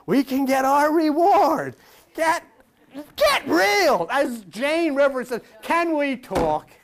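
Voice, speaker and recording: Before a live congregation, an older preacher rambles through a folksy sermon, cracking jokes and teasing his listeners. His pitch climbs and drops widely, and he shifts between loud asides and quiet murmurs.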